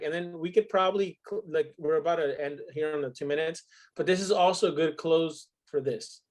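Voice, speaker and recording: Emphatic, profane young man on a podcast. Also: a little high. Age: 20s. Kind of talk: casual podcast chat.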